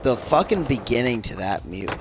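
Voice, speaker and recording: A man's voice: mid-range voice, sing-song, moderate pace. A young man streaming a game, telling a childhood story in casual chat, laid back and swearing. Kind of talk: casual chat while gaming. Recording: crackly, noisy audio.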